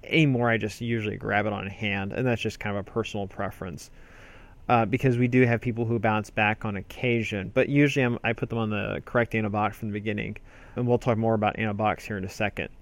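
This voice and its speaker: An emergency doctor talks through a medical procedure in a loose, explanatory manner full of fillers and restarts. He's a fast talker with a lowish voice and fairly even intonation, recorded without echo.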